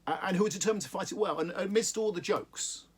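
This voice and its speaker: A man reading from a book aloud and discussing it in a halting, thoughtful way, with frequent restarts. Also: high-pitched, breathy edge. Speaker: book reviewer.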